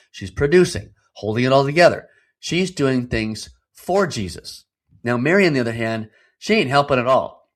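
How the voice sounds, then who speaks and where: A man in his fifties hosting a devotional podcast, teaching in an earnest, emphatic way and putting rhetorical questions to the listener. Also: mid-range voice. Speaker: podcast host.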